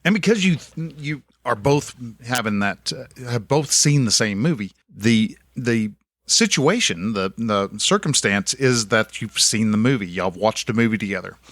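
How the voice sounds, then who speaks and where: A man's voice: on the low side, lively intonation, moderate pace, a bit bright, dry recording, studio quality. A young man talking casually on his podcast, rambling and folksy, correcting himself as he goes. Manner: rambling, folksy, self-correcting with many restarts. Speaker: podcast host. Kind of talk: casual solo podcast monologue.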